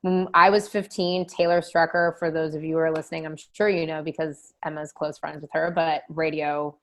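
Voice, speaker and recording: A woman in her thirties from San Francisco chats on a podcast. Her voice sits a little low. She rambles from story to story and swears freely. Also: level tone, normal speed. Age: 30s. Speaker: guest. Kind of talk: casual podcast chat.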